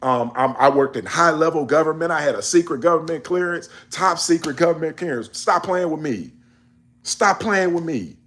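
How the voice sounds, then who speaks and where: A man's voice: fairly high pitch, a little fast, few pauses, fairly bright tone. A man in a casual monologue on world events, emphatic and preachy, scolding his listeners in slangy speech. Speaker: commentator.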